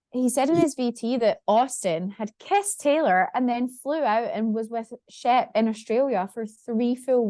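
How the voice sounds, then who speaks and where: A woman's voice: a little high, a little mellow, no echo, clean studio sound. A woman co-hosting a casual reality-TV podcast, chatty and laughing, swearing now and then. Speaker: podcast co-host. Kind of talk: casual chat.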